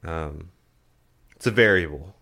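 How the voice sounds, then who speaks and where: A man co-hosting a podcast in relaxed casual chat, laid-back and swearing freely. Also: deep voice, a little slow. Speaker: podcast co-host.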